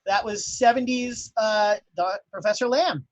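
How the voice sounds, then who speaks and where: A man's voice: sits high, unhurried, no echo, dull audio. A man narrating a tabletop horror game as game master, rambling with many fillers.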